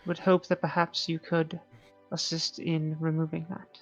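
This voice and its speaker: Woman player, lower voice, lo-fi mic. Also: level tone, normal speed, faint music behind. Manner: formal in-character speech. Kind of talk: playing a tabletop game. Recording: dull lo-fi mic.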